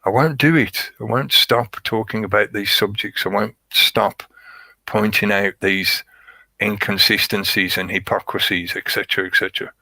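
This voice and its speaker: A man talks at length in a casual, repetitive monologue and leans hard on his points. His voice sits a little low, with a bright, forceful edge. The recording is close and dry, with no room sound. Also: little pitch movement, normal speed, gravelly, dry recording, low-quality recording. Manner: rambling, repetitive, emphatic. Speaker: podcast host.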